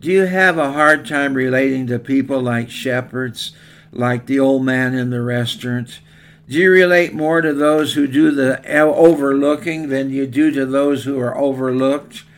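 A man preaching a sermon, telling a story in a slow, earnest way. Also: medium pitch, fairly even intonation.

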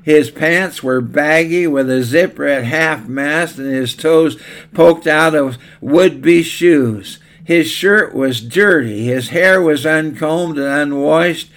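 A man preaching a sermon, telling a story in a slow, earnest way. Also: fairly high pitch, fairly bright tone.

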